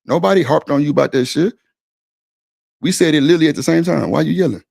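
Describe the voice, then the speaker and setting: Guy with a gravelly voice going off on a stream, blunt and repetitive, cussing a lot. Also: on the high side, fast talker, darkish tone. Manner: blunt, insistent, repeats himself, swears freely. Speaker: stream panel host. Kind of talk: heated argument on a live stream.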